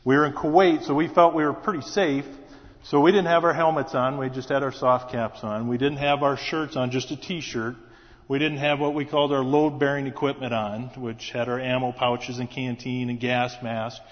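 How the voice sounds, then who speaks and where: A middle-aged man from South Dakota, a school superintendent, telling a personal story in a plainspoken, steady way to a church congregation. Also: medium pitch, moderate pace. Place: church sanctuary. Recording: dull, lo-fi sound with long hall reverb.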